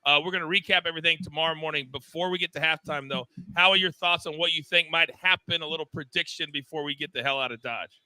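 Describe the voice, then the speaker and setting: A man hosting a live sports betting show, talking in an excitable, loud, self-deprecating way. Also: fairly high pitch, quick pace, smooth, no echo. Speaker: host.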